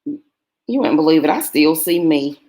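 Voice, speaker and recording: This middle-aged YouTuber has a deep, dark, sing-song voice and talks at normal speed. On her live stream she chats casually with viewers, telling rambling stories loaded with fillers.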